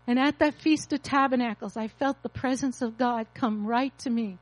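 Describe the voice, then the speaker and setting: A woman's voice: a little high, moderate pace, hardly any pauses, dry recording, poor audio. A woman in her fifties, a pastor, preaching an emotional, confessional testimony. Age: 50s. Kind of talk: sermon testimony.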